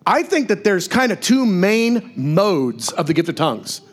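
A man preaching from the pulpit with a high, bright-pitched voice that swings widely up and down. He talks to the congregation like a conversation, full of asides and quick questions. The delivery is a lively sermon in a church. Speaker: pastor.

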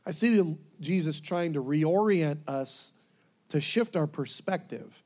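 A man preaching a sermon, animated, laughing often and acting out scenes as he goes. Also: fairly high pitch, a little slow.

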